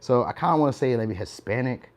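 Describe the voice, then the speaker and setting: A man's voice: medium pitch, expressive, fast talker. A young man giving a casual, chatty tarot reading. He laughs often and keeps tagging his lines with "all right?". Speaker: tarot reader.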